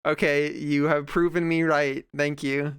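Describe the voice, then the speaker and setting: A man's voice: fairly high pitch, little pitch movement, measured pace, a bit bright, clean tone. A young man streaming while drawing, chatting casually and ranting sarcastically at a desk microphone. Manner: sarcastic, ranting, mocking voices of others.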